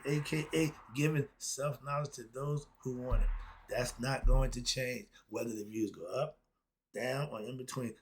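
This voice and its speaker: A man's voice: medium pitch, slightly rough. A man talking as a self-styled philosophy teacher in an impassioned solo talk, rambling and blunt with frequent cursing.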